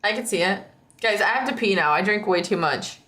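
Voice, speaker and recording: A woman's voice: medium pitch, animated, a little fast, pushed and bright. A woman streamer in casual livestream chat, teasing and laughing often. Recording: echoey room.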